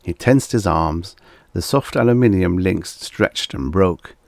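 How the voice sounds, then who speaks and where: Deep-voiced man reading vintage sci-fi. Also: animated, unhurried, gravelly, darkish tone, dry recording, studio quality. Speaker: audiobook narrator. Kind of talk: scripted narration of vintage science fiction.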